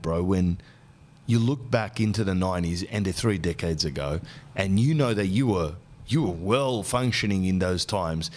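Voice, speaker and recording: A man in his forties hosting a podcast, telling comic stories in an animated, slangy rant. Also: fairly low pitch. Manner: ranting, animated anecdotes with slang. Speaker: podcast host. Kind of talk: comic storytelling.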